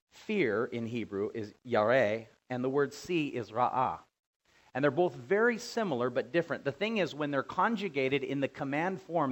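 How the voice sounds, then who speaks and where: A middle-aged man preaching a sermon, dramatically acting out quoted voices and building to loud commands. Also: mid-range voice. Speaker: pastor.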